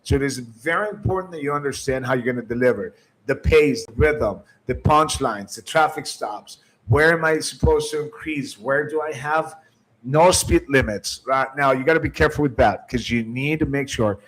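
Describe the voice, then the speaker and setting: A man's voice: medium pitch, moderate pace, fairly bright tone, low-quality recording. Emphatic man coaching sales callers. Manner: emphatic, repeats phrases, often asks "right?". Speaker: sales trainer. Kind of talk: coaching lecture.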